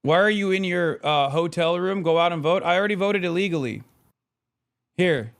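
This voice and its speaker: Dude streamer going off on politics, lots of cussing, voice sits kinda high. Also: male voice, normal speed, clear, resonant tone. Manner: profane, ranting political commentary. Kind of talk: live stream reaction commentary.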